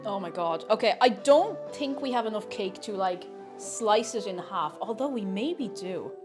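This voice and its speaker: A woman's voice: medium pitch, animated, moderate pace, over music. A young woman streaming from her home kitchen, chatting playfully and casually while she bakes. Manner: chatty and playful, coos in baby talk to a cat. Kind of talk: casual livestream chat while baking.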